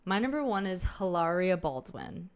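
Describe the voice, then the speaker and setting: A young woman co-hosting a podcast, ranting in casual chat, animated and profane, laughing often. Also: lowish voice, normal speed, clear, resonant tone. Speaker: podcast co-host.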